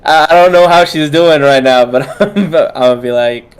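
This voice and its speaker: A man's voice: fairly high pitch, normal speed, smooth. A man playing in a tabletop role-playing game, talking casually and hesitantly, with frequent restarts. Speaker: player.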